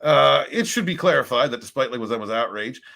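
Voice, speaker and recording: A man hosting a podcast in casual chat, animated and rambling with restarts and frequent swearing. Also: mid-range voice, brisk, creaky. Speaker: podcast host.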